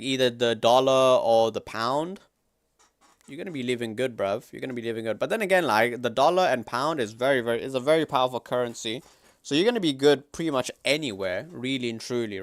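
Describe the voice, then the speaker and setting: A man's voice: mid-range voice, dry recording. Slangy young streamer guy. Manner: loud, slangy, excitable outbursts. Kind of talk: casual reaction commentary.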